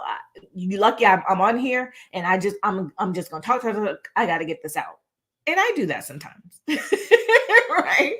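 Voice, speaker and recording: Lively woman coaching on camera. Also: mid-range voice. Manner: animated, conversational, tag questions like "right?". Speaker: presentation coach. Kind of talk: casual video lesson. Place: indoor room, moving between standing and seated. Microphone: on-camera recording.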